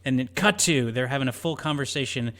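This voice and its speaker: A man's voice: medium pitch, quick pace. A man in his thirties co-hosting a casual podcast chat, telling stories loosely and acting out quotes in goofy voices. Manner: animated storyteller, acts out quotes in silly voices. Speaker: podcast co-host.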